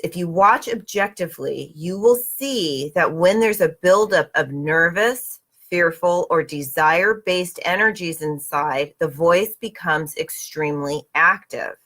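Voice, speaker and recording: Woman from socal, lowish voice, chatty book club reading plus guided meditation, upbeat, keeps checking in w listeners. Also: expressive, unhurried, few pauses, fairly bright tone. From Southern California. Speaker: host.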